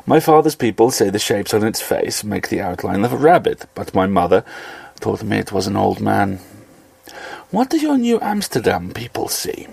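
A man's voice: on the low side, very animated, moderate pace, vocal fry, a little mellow, breathy edge, dry recording, exaggerated voice. A man voicing a gallant, cultured ambassador. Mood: courteous. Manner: slight cultured accent, polite and gallant. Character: courteous cultured male ambassador, scarred. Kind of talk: audio fiction dialogue.

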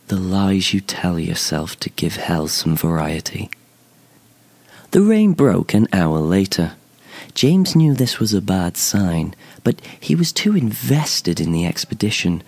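A man narrating a fantasy short story in a measured, expressive storytelling manner. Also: lowish voice. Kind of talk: scripted narration.

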